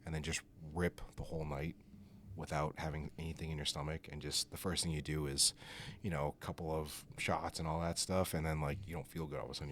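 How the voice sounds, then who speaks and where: Rambling low-voiced man telling stories. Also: a little hiss or hum. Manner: rambling, filler-heavy storytelling with laughs. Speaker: podcast guest. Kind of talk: casual chat.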